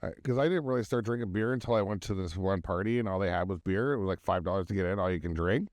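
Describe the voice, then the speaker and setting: A man in his thirties co-hosts a podcast, telling profane stories in casual chat and animatedly doing voices for the people in them. He talks fast in a low voice, with studio-quality sound and no room sound.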